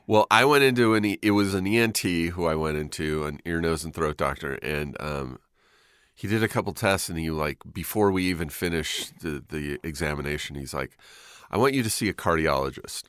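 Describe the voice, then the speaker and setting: A man's voice: low-pitched, expressive, brisk, a bit bright, clear, resonant tone, no room sound, clean studio sound. A man telling a personal story in a casual podcast chat, laid-back and swearing, acting out what others said.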